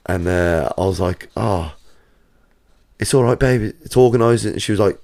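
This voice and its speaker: Deep gravelly man. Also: measured pace, a little mellow. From England. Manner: earnest, storytelling. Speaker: guest. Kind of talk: casual chat.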